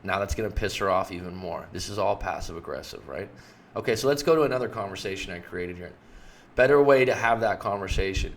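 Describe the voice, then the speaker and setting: Plain-spoken male coach, fairly low voice. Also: fairly quick. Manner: plain-spoken, talks the listener through example texts. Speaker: relationship coach. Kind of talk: explanatory talk.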